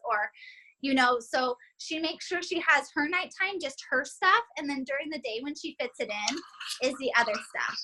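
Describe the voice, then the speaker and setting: Bright high-voiced chatty woman. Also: animated, normal speed, low-quality recording. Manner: chatty, upbeat, filler-heavy. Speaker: team leader. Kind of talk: casual group call.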